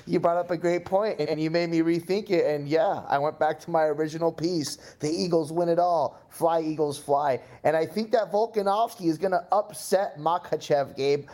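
A man's voice: fairly high pitch, normal speed, few pauses, a little mellow. A man chatting casually about sports picks, earnest and repeating his words as he talks.

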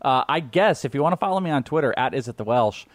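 Male co-host, mid pitch, rambling and laugh-prone, dry close-mic sound. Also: lively intonation, quick pace, no echo. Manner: rambling, laughs often, trails off and restarts. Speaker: podcast co-host. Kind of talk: casual chat.

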